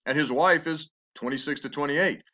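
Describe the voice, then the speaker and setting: A man teaching a class on a play, explaining the scenes patiently and reading the verse aloud slowly and with feeling. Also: fairly high pitch, bright, forceful tone. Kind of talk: lecture with read-aloud passages.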